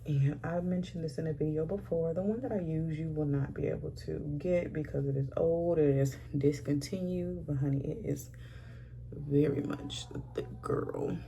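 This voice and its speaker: Low, gravelly-voiced woman in her thirties. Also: fairly even intonation, moderate pace, dark tone, slight background noise. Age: 30s. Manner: chatty, sassy, says "honey" a lot. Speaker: beauty vlogger. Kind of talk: casual makeup chat.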